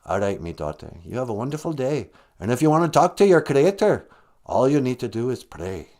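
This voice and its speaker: A man's voice: medium pitch, very animated, a little fast, darkish tone. A man voicing an all-knowing male deity in an improvised comic skit, with a lilting put-on brogue and grandly solemn, folksy sermonizing. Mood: playful. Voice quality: lilting put-on brogue, calls her "me daughter". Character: Great Spirit, an all-knowing male deity, gently preachy.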